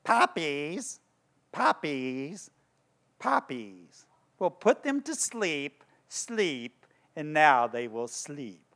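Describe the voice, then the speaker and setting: A man voicing a wicked green witch casting a spell, with a shrill, gloating, sing-song delivery. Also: sing-song, drawn-out words, fairly bright tone, exaggerated voice. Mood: crooning.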